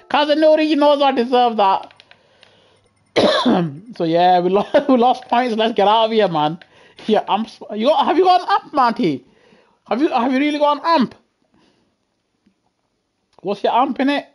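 A man with a high voice, giving excitable live commentary on a racing game, chatting with viewers and yelling as he gains places. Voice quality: high-pitched voice. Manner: excitable, yelling at the race, laughing often. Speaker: gaming streamer.

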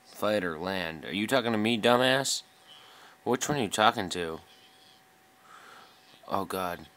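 Low-voiced man muttering over gameplay. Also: lively intonation, a little slow, a bit bright. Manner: frustrated, swearing, muttering to himself. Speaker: gameplay commentator. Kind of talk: live gameplay commentary.

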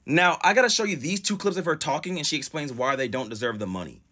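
A man's voice: fairly high pitch, lively intonation, quick pace, sharp tone. Sarcastic man doing reaction commentary. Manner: sarcastic, incredulous. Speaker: commentary YouTuber.

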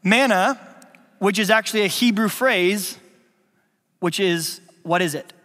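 High-voiced pastor in a reverberant church. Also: male voice, a little slow, fairly bright tone. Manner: playful, quizzes the congregation with questions. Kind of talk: sermon. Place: church sanctuary. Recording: long reverb of a church hall.

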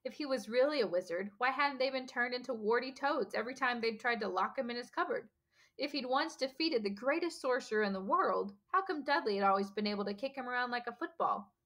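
A woman teacher reads a novel aloud in a steady, expressive storytelling manner. Her voice sits a little high for a woman. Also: brisk.

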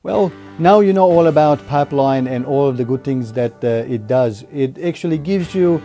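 Gravelly-voiced man explaining studio software. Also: mid-range voice, faint music behind. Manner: halting, searching for words. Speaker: home studio host. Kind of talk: casual software tutorial.

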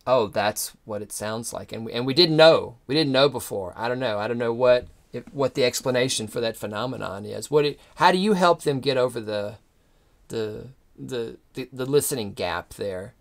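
A man in an interview asks questions in a medium-pitched voice. He searches for his words hesitantly, with many restarts. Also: normal speed, creaky. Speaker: interview host.

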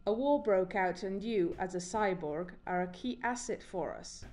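A woman's voice: mid-range voice, normal speed, crowd noise, close to an everyday voice. A woman voicing a female professor and chief of operations who briefs a soldier in a video game, in a formal, stilted way. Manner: formal, stilted, slightly unnatural phrasing.

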